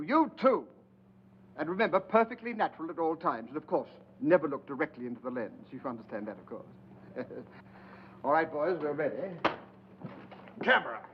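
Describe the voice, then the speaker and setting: A man's voice: a little high, a little hiss or hum, close to an everyday voice. A man playing a fussy pompous film director. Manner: brisk, condescending, "old boy" coaxing. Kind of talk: 1940s film acting. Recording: dull old film soundtrack with music.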